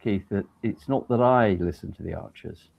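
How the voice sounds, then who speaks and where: A man telling lively anecdotes as a guest on a talk show, heard over an online call. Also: lowish voice, moderate pace, vocal fry, dull audio. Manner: animated storyteller. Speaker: guest, a judge. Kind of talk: anecdotal conversation. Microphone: video call.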